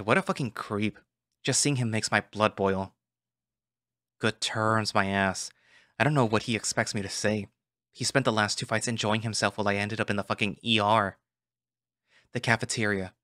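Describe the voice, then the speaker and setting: A man's voice: fairly low pitch, no room sound, clean studio sound. A man reading a visual novel aloud, narrating an irritated first-person inner monologue. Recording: voice over loud background music.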